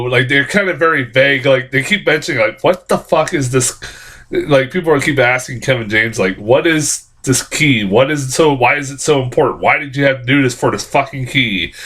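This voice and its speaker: A man's voice: medium pitch, a bit bright. A man giving a casual spoken movie review, rambling, swearing a lot and often laughing.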